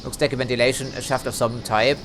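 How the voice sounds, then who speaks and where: A man's voice: medium pitch, fairly even intonation, fast talker, noisy background. A man giving casual let's play commentary, chatty, hedging and dryly critical as he plays.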